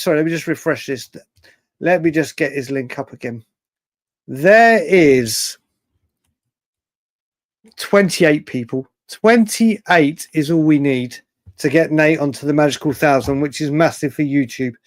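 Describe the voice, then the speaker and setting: A man hosting a late-night fan livestream, chatting excitably and reading out viewer comments. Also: on the high side, dry recording. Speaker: livestream host.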